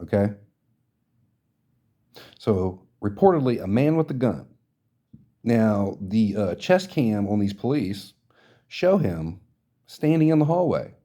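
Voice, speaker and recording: A man on a podcast, ranting in an indignant, emphatic way and swearing freely. His voice sits fairly low, with a soft, mellow tone rather than a bright edge. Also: big pitch swings, slow pace, pauses often. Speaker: podcast host. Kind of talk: ranting social commentary.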